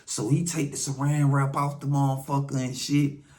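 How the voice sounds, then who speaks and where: Southern man from Atlanta, mid pitch, telling a story loose and profane, jumps into quoted voices. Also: flat delivery, moderate pace, warm tone. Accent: Southern American, Atlanta. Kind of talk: casual first-hand storytelling.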